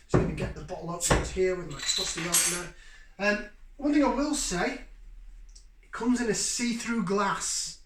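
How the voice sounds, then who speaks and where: A man with a fairly high voice, hosting a relaxed beer review. He talks to his viewers in a chatty, enthusiastic way. The recording carries a noticeable room echo. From Yorkshire, England. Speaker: beer review channel host. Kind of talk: casual beer review vlog. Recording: roomy, echoey room sound.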